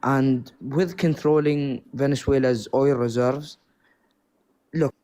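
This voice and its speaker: A man's voice: medium pitch, steady tone, slow, mellow. Young man, Gulf Arabic accent, earnest, apologetic, hesitant, casual debate. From Oman. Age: young adult. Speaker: caller debating the host.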